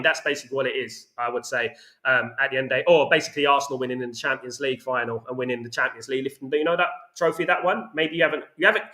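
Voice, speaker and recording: A man with a slightly high, sharp voice hosts a casual football fan chat, reading out comments and ranting with lots of "you know what I mean." The room sounds echoey.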